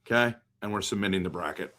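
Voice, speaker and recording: A man's voice: sits low, fast, fairly bright tone. A man from western Canada hosting a casual hockey live stream, thinking aloud as he picks and answers viewer comments. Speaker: hockey livestream host.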